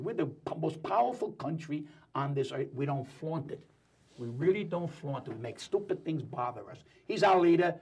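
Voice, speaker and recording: Fast-talking gravelly wisecracking man. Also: fairly high pitch, darkish tone. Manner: rapid, joking, wisecracking storyteller. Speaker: talk show guest. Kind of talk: animated talk show banter.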